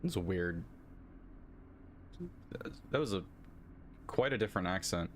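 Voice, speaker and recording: A woman's voice: extremely low pitch, expressive, measured pace, pauses often, a little hiss or hum. A woman streaming a game, reading its story and reacting with frequent laughs and disbelief. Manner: laughs often, incredulous reactions. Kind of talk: casual live-stream commentary.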